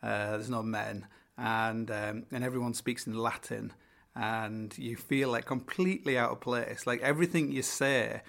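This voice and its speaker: Gravelly northern English man rambling. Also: mid-range voice, steady tone, unhurried, a bit bright. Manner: rambling, full of fillers and swearing. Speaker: podcast host. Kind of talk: casual storytelling.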